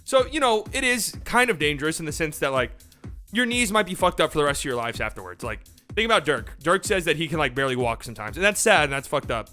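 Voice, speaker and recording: A man's voice: a little high, big pitch swings, fast, bright, forceful tone, soft background music. A young man hosting a casual live sports talk show, ranting in a rambling, profane way. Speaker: sports podcast host.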